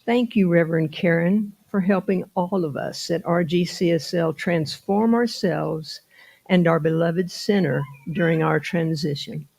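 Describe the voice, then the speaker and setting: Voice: mid-range voice, unhurried, vocal fry, a little mellow. A board member leading a church benediction, speaking in rhythmic, repeated affirmations.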